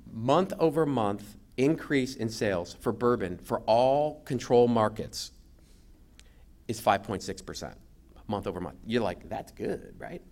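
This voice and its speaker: Male guest speaker, animated storyteller with a wide-ranging pitch. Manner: animated storyteller, acts out quotes. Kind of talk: lively after-lunch talk.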